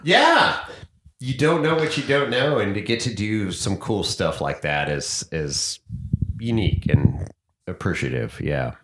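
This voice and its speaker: Male podcast host, low voice, very animated storyteller, roomy echo. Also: a little slow. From United States. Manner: animated, acts out quoted voices. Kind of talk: casual storytelling chat.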